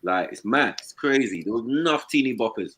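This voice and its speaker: A man's voice: medium pitch, expressive, fairly quick, a crowd in the background. A man, chatting casually on a live panel, slangy and often checking "you know what I mean". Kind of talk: casual chat.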